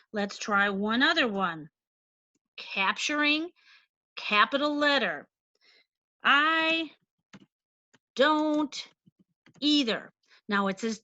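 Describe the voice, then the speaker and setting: A woman teacher explaining a lesson slowly and deliberately, stressing each point. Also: on the high side, sharp tone, no room sound, highs cut off. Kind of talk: recorded classroom lesson.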